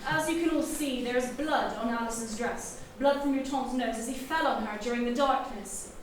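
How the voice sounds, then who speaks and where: Woman doing a stagey young detective for a fringe comedy-mystery, high-ish, far mic, hall echo. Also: lightly acted. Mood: explaining. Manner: theatrical, deliberate explaining. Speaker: amateur sleuth revealing the killer. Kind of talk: live stage acting. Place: small theatre on stage. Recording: echoey theatre from far, noise.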